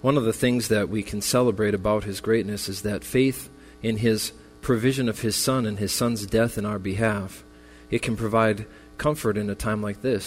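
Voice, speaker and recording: A man preaching a memorial sermon as pastor, earnest and consoling, his voice building in intensity. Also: lowish voice. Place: church sanctuary. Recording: long reverb with faint music.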